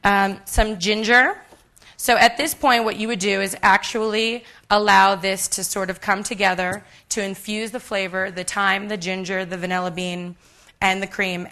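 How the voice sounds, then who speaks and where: A woman's voice: mid-range voice, sharp tone. A woman in her thirties giving a live cooking demonstration on a conference stage, chatty and self-deprecating with many ums. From United States.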